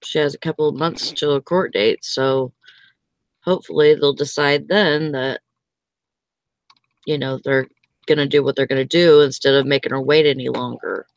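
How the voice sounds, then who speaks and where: A woman's voice: a bass voice, fairly even intonation, normal speed, no echo. A woman hosting a casual livestream, chatting in a rambling, easygoing way with plenty of fillers. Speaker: livestream host. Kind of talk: casual chat.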